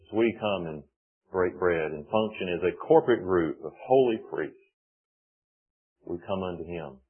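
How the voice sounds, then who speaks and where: A man preaching a sermon at a church service, speaking in measured, emphatic phrases with short breaks. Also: low voice, husky. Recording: tinny phone-like sound.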